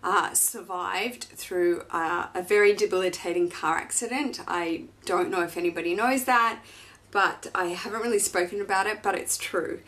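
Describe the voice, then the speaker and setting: A woman's voice: fairly low pitch, moderate pace, a bit bright. A woman in her thirties, a fashion vlogger, talking in a gushing, chatty and emotional way as she unboxes and shares personal news. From Australia. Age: 30s.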